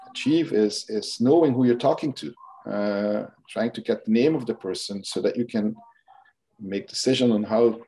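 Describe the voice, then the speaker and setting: A man's voice: lowish voice, dark tone. A man being interviewed as a guest expert, explaining at length with frequent restarts and fillers. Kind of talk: interview conversation.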